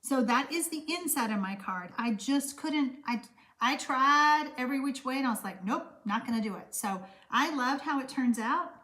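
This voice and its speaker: Animated and speaking at a normal speed, a high-voiced Texan woman runs a card-making live stream and reads viewer comments aloud in a chatty way. She comes across warm and gushing, rambling with fillers.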